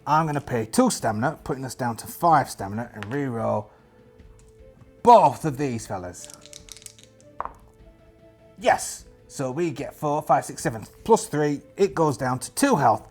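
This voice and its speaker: A man talks through a solo tabletop game, joking at his own expense. His voice is husky and swings widely in pitch. Faint music plays under him. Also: animated, normal speed, a little mellow. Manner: chatty, self-mocking asides, jumping pitch. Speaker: solo game player and narrator.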